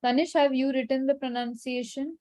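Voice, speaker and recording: A woman's voice: high-pitched, fairly even intonation, brisk. Patient woman teacher. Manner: patient, instructive, gently firm. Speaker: French teacher. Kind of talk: online language class. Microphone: video call.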